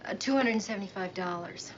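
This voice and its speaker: An actress playing a cheerful wife who calls home with news. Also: female voice, mid-range voice, quick pace, natural voice. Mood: bubbly. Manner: bubbly and upbeat. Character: bubbly woman calling home, cheerful. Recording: dull old TV sound with faint noise.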